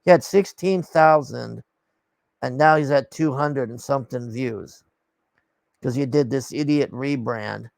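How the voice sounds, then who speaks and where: A man's voice: medium pitch, unhurried, gravelly, darkish tone, no echo. A man ranting casually to his camera, rambling and exasperated, swearing often and trailing off with sighs. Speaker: vlogger.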